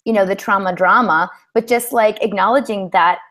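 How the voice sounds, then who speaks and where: Reflective woman host, gently affirming. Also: mid-range voice, normal speed. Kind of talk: reflective coaching conversation.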